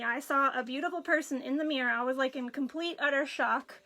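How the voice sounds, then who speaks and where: Tearful woman in her forties with a high, bright voice telling her story emotionally. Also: fairly even intonation, moderate pace. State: crying, runny nose. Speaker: craft vlogger. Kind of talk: personal story on a live video.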